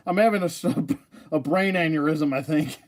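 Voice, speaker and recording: A man's voice: on the high side, a little slow. A man casually rambling about his toy collection, joking, laughing and losing his train of thought.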